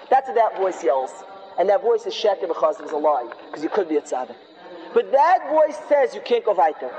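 A man preaching an excitable, folksy sermon sprinkled with Hebrew and Yiddish terms. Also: high voice, moderate pace, lo-fi sound. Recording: long hall reverb.

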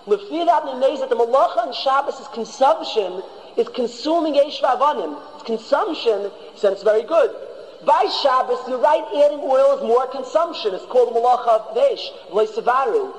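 A man's voice: very high voice, lively intonation, normal speed. A man teaching a Torah class as a rabbi, emphatic, often repeating and restarting his phrases. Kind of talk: Torah lecture. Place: yeshiva hall. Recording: long reverb of a large hall.

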